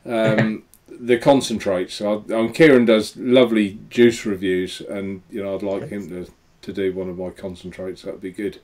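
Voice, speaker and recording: A man's voice: on the low side, level tone, moderate pace, darkish tone. A man from England hosting a live stream, chatty, greeting viewers in the chat and often backing up his guest.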